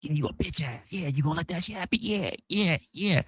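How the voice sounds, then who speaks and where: A man putting on the voice of a crude online troll who goads others into a fight, rough and profane. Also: a little high, brisk, a bit bright, dry recording, clean studio sound, voice pushed up. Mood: goading.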